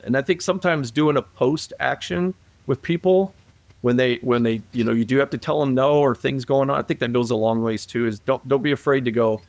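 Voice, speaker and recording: This man, a police aviation guest, has a mid-range voice recorded with no echo. His stories in the casual interview ramble, with repetition, restarts, and acted-out quoted calls.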